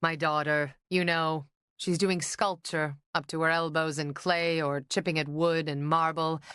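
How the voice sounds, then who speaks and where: A woman's voice: low-pitched, little pitch movement, a little slow, fairly bright tone, clean tone, no room sound, clean studio sound. A woman voicing a theatrical, melodramatic older man, an eccentric painter father who bellows and grumbles in an audiobook. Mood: theatrical lament. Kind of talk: audiobook character voice.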